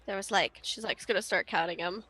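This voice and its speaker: A woman playing her character in a tabletop game, talking quickly and animatedly. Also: medium pitch, pushed and bright, a little hiss or hum, rough recording. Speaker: player.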